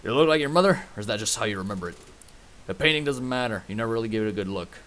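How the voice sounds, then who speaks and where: A man's voice: on the low side, animated, rapid-fire, fairly bright tone, slight background noise. A man doing a grizzled Texan cowboy narrator. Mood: stern. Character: grizzled male cowboy narrator, low and grave. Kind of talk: game narration read aloud.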